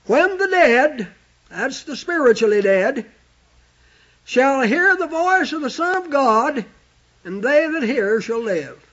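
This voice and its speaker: A man preaching a sermon, quoting scripture with emphatic, drawn-out stress on single words. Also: very high-pitched, sing-song, fairly bright tone. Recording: dull lo-fi recording.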